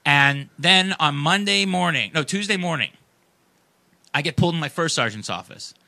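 A man with a keen, sharp-edged voice pitched a little above most men's races through a rambling story. He swears constantly and leans hard on fillers, and the sound is close and dry. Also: lively intonation, normal speed, vocal fry, no room sound. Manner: profane, rambling, heavy on fillers. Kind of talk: casual storytelling.

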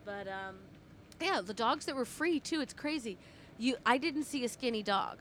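Animated woman on tangents. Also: on the high side, moderate pace, slight background noise. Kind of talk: casual podcast chat.

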